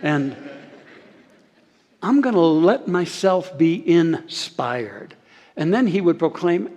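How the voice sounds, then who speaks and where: A man preaching a sermon as pastor, earnest, slowing and softening on key phrases and leading the congregation in saying lines back. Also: fairly high pitch, big pitch swings, muffled recording. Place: church sanctuary. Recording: long hall reverb.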